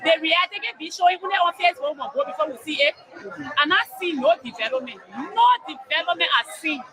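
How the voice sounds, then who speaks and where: A woman with a Liberian accent, complaining in a street interview with fast, stuttering repetition. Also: high-pitched. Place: busy outdoor market street. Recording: crowd noise of a busy street.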